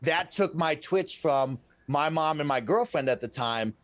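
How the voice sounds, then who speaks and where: Animated man telling stories on a podcast. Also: on the high side, measured pace, dry recording. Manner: animated storyteller, often ends with "right?". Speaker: podcast guest. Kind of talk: casual podcast storytelling.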